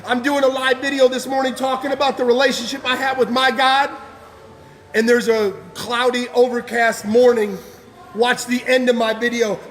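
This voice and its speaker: A man's voice: very high-pitched, flat delivery, normal speed, fairly bright tone. A man giving an impassioned personal testimony as a guest speaker, fervent and emotional, with casual slang.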